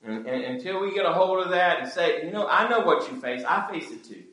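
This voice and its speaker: A man's voice: sits high, expressive, a little fast, echoey room, low-quality recording. A pastor preaching an earnest, pleading sermon to his church. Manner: earnest, pleading preaching with wide swings in loudness.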